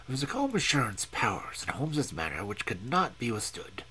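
A man reading a story aloud, narrating dramatically with wide swings and a husky tone. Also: mid-range voice, wildly swooping pitch, fairly quick, sharp tone. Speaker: reader. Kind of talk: audiobook reading, live stream.

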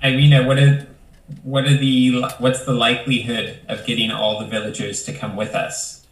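A man's voice: mid-range voice, level tone, normal speed. A man playing a streamed tabletop game, asking questions in a casual way. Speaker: player. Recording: distant, echoey mic with faint noise.

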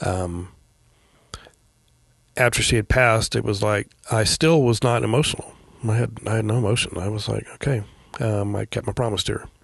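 A middle-aged man telling a personal story as a podcast guest, in a quiet, halting way with many pauses and fillers. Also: fairly low pitch, steady tone, gravelly, slightly rough, no echo. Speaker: guest, veteran paramedic.

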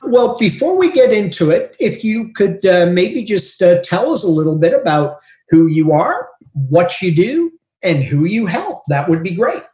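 Man, high animated host voice, echoey room. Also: measured pace, hardly any pauses. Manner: upbeat, dryly joking. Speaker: podcast co-host. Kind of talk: podcast hosting.

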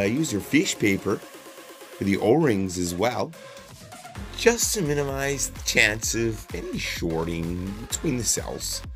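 Laid-back maker over guitar music. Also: male voice, on the low side, fairly bright tone. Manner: easygoing, hesitant, stumbles over hard words. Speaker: DIY maker. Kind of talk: casual how-to narration.

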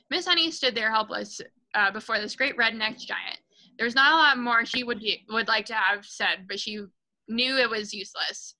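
A woman's voice: fairly high pitch, normal speed, sharp tone, rough recording. A woman reading a children's novel aloud to a book club, with small slips and asides. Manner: reads with light commentary and small slips.

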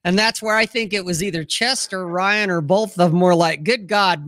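A man's voice: high voice, normal speed, few pauses, sharp tone, dry recording, clean studio sound. A man hosting a casual livestream chat, talking in a crude, blunt and profane way. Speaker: podcast host.

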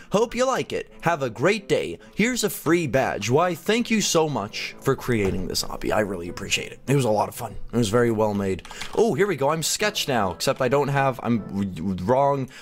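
A young man giving chatty, casual commentary on a game he is playing, often laughing and exclaiming. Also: medium pitch. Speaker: gaming YouTuber.

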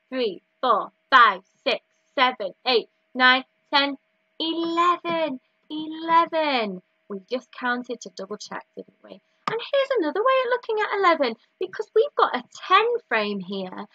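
A woman teaching a recorded maths lesson to young children in a slow, sing-song, encouraging way. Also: high voice, sharp tone, dry recording, muffled recording. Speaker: early years teacher.

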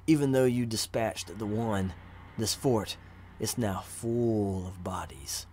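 A man's voice: on the low side, steady tone, a little slow, a little hiss or hum, close to an everyday voice. Man voicing a giggling old necromancer. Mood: gloating. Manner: chuckling, sly and gloating. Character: giggling old male necromancer prisoner, gleeful.

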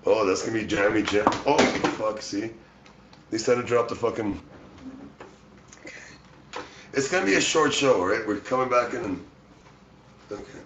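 Drunk, rambling man with very low voice. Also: dull audio, a little hiss or hum. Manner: rambling, profane, joking to chat viewers. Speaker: livestream musician. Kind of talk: rambling livestream chat.

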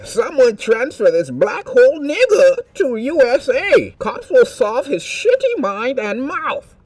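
Guy putting on a squeaky troll voice, swoops way up and down, drawn out and slow. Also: very animated, darkish tone, no echo, full character voice. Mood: mocking. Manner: slow, mocking, sing-song delivery. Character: shrill ranting male online troll.

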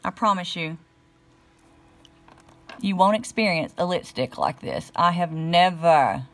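A woman's voice: lowish voice, expressive, unhurried. A middle-aged woman with a Southern American accent, chatting casually on a beauty live stream and greeting viewers by name. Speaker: beauty vlogger live-streaming lipstick swatches.

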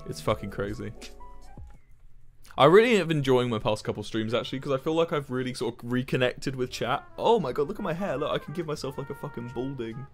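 A young man chats loosely with his stream audience from a home setup, swearing freely and often restarting his sentences. His voice sits at an ordinary middle pitch. Soft music plays faintly in the background. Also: lively intonation, quick pace. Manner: laid-back, swears freely, rambling with restarts. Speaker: livestreamer. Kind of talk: casual chat with viewers while gaming.

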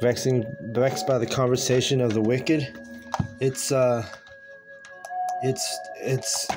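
A man teaching from scripture in a loose, conversational way, full of slang, restarts and filler words. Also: medium pitch. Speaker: preacher.

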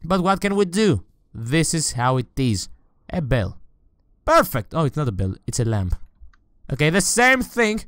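A man's voice: a little high, big pitch swings, a little slow, fairly bright tone, dry recording, studio quality. Jumpy man screaming through a horror game. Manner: jumpy, swears and shrieks when scared; talks to the game and viewers. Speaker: let's play gamer.

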